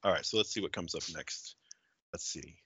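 Male podcast co-host, bright voice, casual storytelling, dull lo-fi recording. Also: moderate pace, creaky, breathy edge, no room sound, whispered. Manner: pitches scenes, acting out dialogue. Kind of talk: casual movie-remake brainstorming chat.

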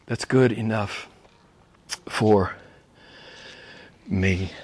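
A middle-aged male pastor preaching a sermon, swinging from hushed asides to high, emphatic exclamations. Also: very slow.

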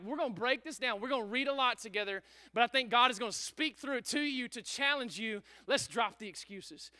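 A pastor preaching a sermon with energy, repeating himself and calling out to the congregation. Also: male voice, very high-pitched, smooth. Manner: energetic, repetitive, calls out to congregation. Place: church service.

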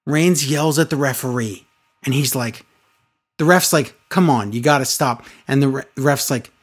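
A man in casual chat, retelling events with lively, acted-out quotes. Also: mid-range voice, husky. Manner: animated storytelling, quick acted-out quotes. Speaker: podcast co-host recapping wrestling.

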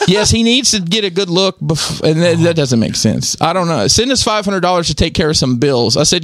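A man with a slightly high voice hosts a casual chat and tells a long story. He switches voices to play both sides of the exchange and laughs as he goes. The sound is dry and close. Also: normal speed, few pauses, no echo. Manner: animated, acts out both sides of a chat with a scammer; laughs often while telling the story. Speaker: podcast host.

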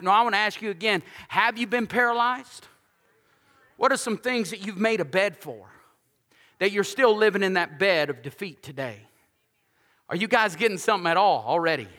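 A man preaching a sermon as pastor, conversational and lively, with humorous asides and repeated lines for emphasis. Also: sits high, normal speed, big-room sound.

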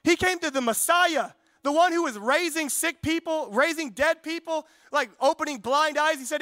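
A young man preaching with a strikingly high, bright voice, conversational and fervent. He slips into acted-out quotes as he talks to the congregation. The sound is close and dry. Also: moderate pace, hardly any pauses, dry recording. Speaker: pastor. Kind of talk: sermon.

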